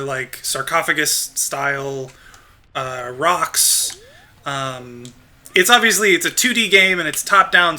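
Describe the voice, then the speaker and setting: A man's voice: on the high side, bright, forceful tone. A man streaming a video game, chatting casually and answering chat in a rambling way with frequent ums.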